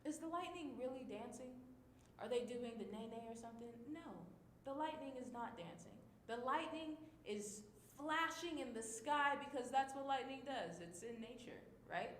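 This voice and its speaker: A woman teaching a lesson, explaining with patient examples and checking in with her listeners often. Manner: slow, patient, checks in with okay. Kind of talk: classroom lesson on figurative language. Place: community center room. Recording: echoey room with faint rumble.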